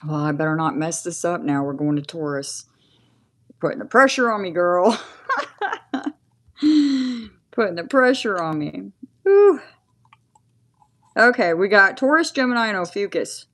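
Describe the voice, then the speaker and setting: A woman's voice: medium pitch, lively intonation, unhurried, pauses often, a bit bright. A woman in her forties chatting casually through a live tarot reading, often laughing and thanking viewers. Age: 40s. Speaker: tarot reader.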